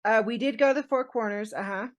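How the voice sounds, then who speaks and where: A woman podcast co-host telling a personal story in casual chat, animated, laughing often and acting out what others said. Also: fairly high pitch, quick pace.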